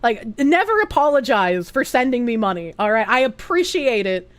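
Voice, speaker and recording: Giggly high-pitched woman streamer. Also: big pitch swings, normal speed, clear, resonant tone, dry recording. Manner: chatty and giggly, thanks donors in bursts of high squeals. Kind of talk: casual live-stream chat, reading chat aloud.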